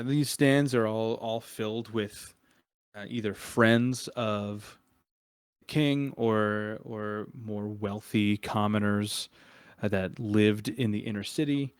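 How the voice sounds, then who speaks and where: Man, game master, tabletop game narration, low smooth voice, dry close sound, relaxed fillers. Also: no echo. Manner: relaxed, chuckling, frequent filler words.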